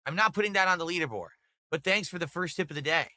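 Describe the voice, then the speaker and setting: Bright-voiced man chatting on a livestream. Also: a little high, fast, no room sound. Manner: rambling, talks to chat and reads out tips. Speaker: livestream host. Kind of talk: casual livestream chat.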